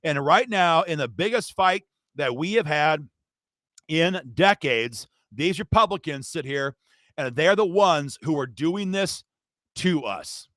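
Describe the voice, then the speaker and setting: A man's voice: a little high, animated, slow pace, fairly bright tone, dry recording. A man hosting an advocacy livestream, indignant and fired up, talking straight to his viewers. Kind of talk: impassioned political livestream rant.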